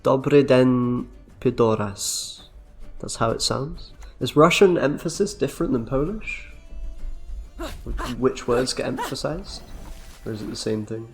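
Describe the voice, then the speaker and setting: A man's voice: mid-range voice, animated, normal speed, gravelly, soft background music. A man giving casual, jokey commentary while playing a card game, laid-back and slangy, laughing often.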